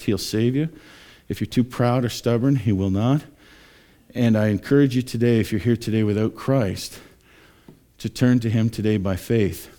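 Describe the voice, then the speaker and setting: A man preaching a sermon, sometimes mocking scoffers in high, exaggerated voices. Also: mellow. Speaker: pastor. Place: church.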